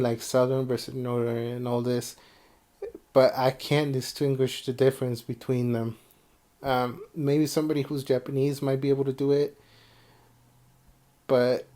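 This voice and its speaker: A man's voice: medium pitch, dark tone. A young man from the United States rambling casually about anime in his own vlog, with many fillers and restarts. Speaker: video creator.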